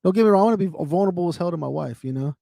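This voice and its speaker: A man's voice: sits high, animated, racing, vocal fry, dark tone, dry recording, studio quality. A man talking candidly on his own livestream, swearing freely, repeating himself and speaking to viewers by name. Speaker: livestream host. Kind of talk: casual emotional chat.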